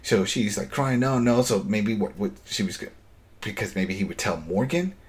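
A man hosting a casual chat, retelling a TV episode in an animated way and acting out the lines. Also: lowish voice. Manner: animated storytelling, acting out scenes, quick laughs. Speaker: podcast host recapping a TV episode.

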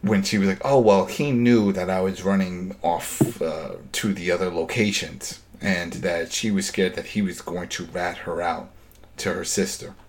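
A man hosting a casual chat, retelling a TV episode in an animated way and acting out the lines. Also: low voice, slight background noise. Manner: animated storytelling, acting out scenes, quick laughs. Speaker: podcast host recapping a TV episode.

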